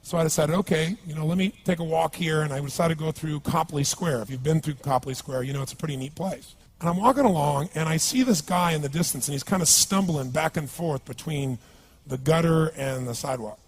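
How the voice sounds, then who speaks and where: A man giving a live seminar talk as a motivational speaker, speaking fast in a slightly raised voice. He drives his points home with punchy emphasis and keeps asking the audience questions. A faint noise sits under the speech. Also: a little high.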